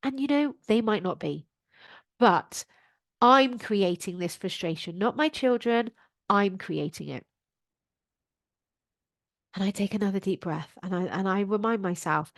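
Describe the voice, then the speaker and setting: A woman, a life coach, hosting her podcast in an animated motivational style and acting out her own inner voice. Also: mid-range voice, unhurried, pauses often, no echo, clean studio sound.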